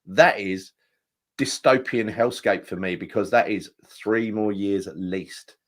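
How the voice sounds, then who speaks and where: A man talks football in a loose, rambling fan chat. He swears freely and builds his points up with mock-dramatic flair, his voice sitting a little low. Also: measured pace. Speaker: podcast co-host.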